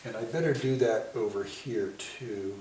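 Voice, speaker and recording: A man giving a painting lesson, talking himself through each stroke in an unhurried, self-commenting way. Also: lowish voice, a little mellow. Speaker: painting instructor. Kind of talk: painting demonstration. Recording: echoey room, mic at a distance, faint hiss.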